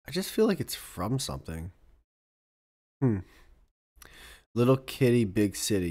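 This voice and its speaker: A man's voice: medium pitch, expressive, a little slow, pauses often, darkish tone. A young man hosting a podcast in casual solo chat, rambling and swearing, laughing often and working himself up into exasperated rants. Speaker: podcast host.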